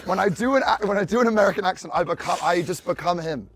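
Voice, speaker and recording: A man's voice: sits high, fast talker. A young British man chatting casually as a podcast guest, laughing often, stammering and making fun of himself. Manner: laughing, stammering, self-deprecating. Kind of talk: casual chat.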